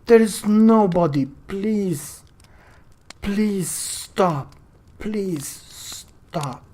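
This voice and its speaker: A storyteller voicing a distraught young wife who begs her husband to stop, in a raised, slowed, pleading voice. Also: mid-range voice, mellow, a little hiss or hum, pitched above the performer's own voice. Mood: pleading, tearful.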